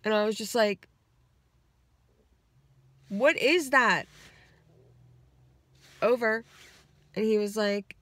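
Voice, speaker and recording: A woman's voice: mid-range voice, takes it slowly, pauses often, fairly bright tone, no echo. A woman vlogger casually retelling a dream from inside her car, rambling, swearing freely and acting out the quotes. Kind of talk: casual storytelling.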